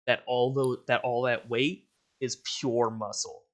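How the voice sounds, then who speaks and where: A young man narrating a tabletop game as game master, casual and relaxed, laughing easily. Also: mid-range voice, measured pace.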